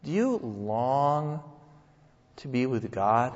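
An older man from New England, a pastor preaching a sermon in a church with folksy, joking, animated delivery. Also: medium pitch, drawn-out words. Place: church sanctuary. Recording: dull sound in a long-echo hall.

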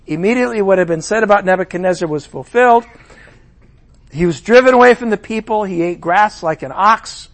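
A middle-aged man preaching a sermon in an animated way, acting out the voices of the figures he quotes. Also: high-pitched, a little fast.

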